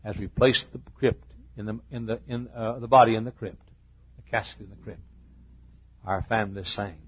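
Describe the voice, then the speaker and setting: An older man preaching in a church, retelling a personal story in a halting, heartfelt way with repeated phrases. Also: fairly low pitch, steady tone, breathy edge, lo-fi sound. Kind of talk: emotional sermon storytelling. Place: church sanctuary.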